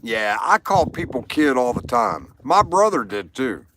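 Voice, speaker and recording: Animated joking middle-aged man, noisy background. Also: medium pitch, measured pace. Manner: animated, jokey, addresses viewers by name. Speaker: livestream host. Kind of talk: casual joke-telling chat to viewers.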